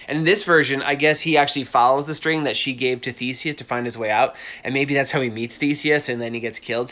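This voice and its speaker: A man's voice: mid-range voice, fairly bright tone. A man casually chatting on a live drawing stream from home, rambling and enthusiastic with lots of asides. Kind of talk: casual livestream chat.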